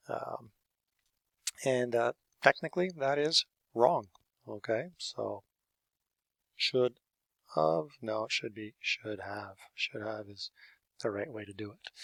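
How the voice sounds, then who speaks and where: Slow, gravelly-voiced male English teacher. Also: medium pitch, a bit bright, dry recording. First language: French. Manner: explains step by step, checks in with "okay?" and "eh?". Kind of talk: teaching a grammar lesson.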